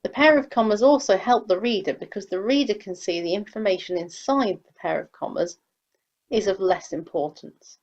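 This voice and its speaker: A woman's voice: mid-range voice, moderate pace, a little mellow, highs cut off. A woman teacher explaining sentence structure in a recorded grammar lesson, patiently reading example sentences aloud. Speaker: English teacher.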